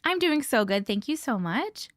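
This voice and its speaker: Woman, streamer host, casual and chatty, slightly high voice, dry close sound, swears freely. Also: moderate pace, no room sound. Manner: chatty and bubbly, casual swearing, frequent laughs; lively, greets viewers by name. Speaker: livestream host. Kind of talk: casual live-stream chat, reading viewer comments.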